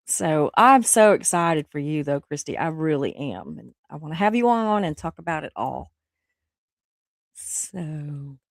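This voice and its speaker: A woman's voice: low voice, animated, unhurried, vocal fry, dry recording, studio quality. Chatty woman with the flu. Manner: rambling, chatty, laughs often, reads chat aloud. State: sick with the flu. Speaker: livestream host. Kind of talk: casual chat with live viewers.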